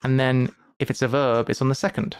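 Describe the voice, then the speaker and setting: A man's voice: mid-range voice, flat delivery, brisk, clear, resonant tone, no echo. A man giving live commentary while he plays a game, chatty and thinking aloud, with playful asides. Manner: playful asides and mock lectures. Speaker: game streamer.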